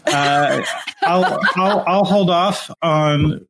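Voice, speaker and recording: A man's voice: on the high side, drawn-out words, rough recording. A man co-hosting a casual podcast, wry and self-deprecating. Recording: loud background noise.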